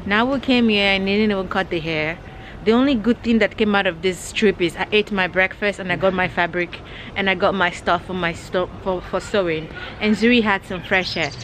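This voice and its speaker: A woman's voice: mid-range voice, moderate pace, a bit bright, a little hiss or hum, low-quality recording. A woman vlogging casually outdoors, scolding and exasperated in a dramatic way. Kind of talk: casual vlog chat.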